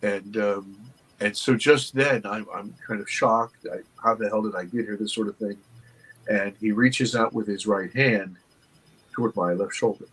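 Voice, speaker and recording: Husky low-voiced man telling a story. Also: a bit bright, low-quality recording. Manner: earnest, reflective, with halting restarts. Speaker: interview guest, documentary producer. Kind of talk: personal storytelling.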